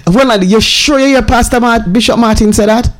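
A woman's voice: fairly high pitch, moderate pace. A woman chatting casually with a friend, laughing often and arguing playfully. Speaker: church member. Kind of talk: casual chat between friends.

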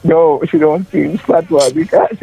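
A woman calling in, agreeing warmly in short replies and giggling often. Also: low voice, unhurried, vocal fry, highs cut off. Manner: agreeable, giggly, answers briefly. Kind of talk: casual phone chat.

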